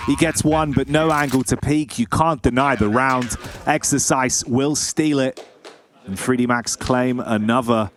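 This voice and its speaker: A man giving relaxed esports colour commentary, chatty and joking with his co-caster. Game gunfire and clear background noise run under his voice. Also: medium pitch, a little slow. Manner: laid-back, joking banter.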